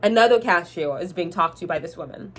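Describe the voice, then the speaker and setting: A young adult woman telling a storytime vlog in an animated, chatty way, speaking straight to her viewers. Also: on the low side, brisk. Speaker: vlogger.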